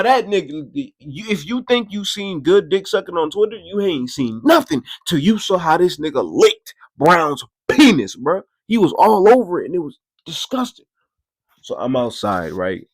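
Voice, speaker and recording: A man casually telling a story, profane and animated, his voice jumping high and loud when he gets excited. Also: no room sound.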